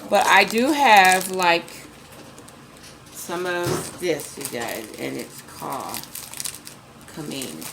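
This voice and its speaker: A woman with a lowish, animated voice and vocal fry takes her time, leaving long pauses, during a casual cooking demo from her home kitchen. As a cooking vlogger, she chats to "you guys" and repeats ingredient names as each is added, over background noise.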